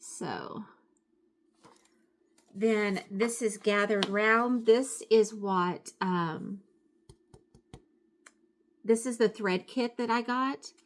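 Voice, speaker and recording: A middle-aged woman talks at home in a relaxed show-and-tell way, full of little fillers and self-corrections. Her voice sits at an ordinary pitch for a woman, and she drifts from one thought to the next. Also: drawn-out words, pauses often, slight background noise. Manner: chatty and rambling, with frequent fillers and self-corrections. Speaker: craft vlogger. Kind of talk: casual show-and-tell chat.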